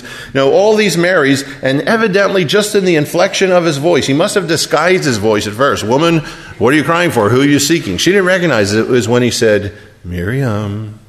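Male preacher, mid pitch, storytelling sermon delivery with big swings between a hush and emphasis.

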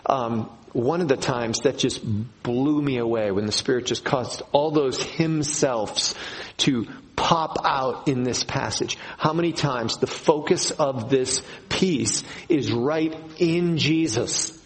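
A man preaching a sermon to his congregation, slow and emphatic, repeating key phrases. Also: medium pitch, low-quality recording. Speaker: pastor.

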